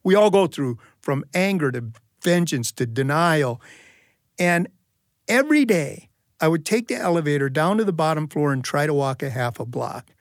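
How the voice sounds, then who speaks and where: A man tells a funny personal story, lively and animated, slipping into the voices of the people in it. His voice sits a little high, and the recording is close and dry with no room sound. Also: normal speed, no room sound. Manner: humorous, animated delivery with acted-out quotes. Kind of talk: live storytelling performance.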